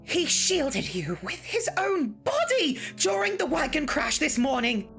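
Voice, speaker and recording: Reader doing a formal fanged knight woman, high voice, proper speech, visual novel reading, faint music. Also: normal speed, fairly bright tone. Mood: furious. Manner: formal, stiff speech, erupting into hissing fury. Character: fierce, polite young female knight with fangs.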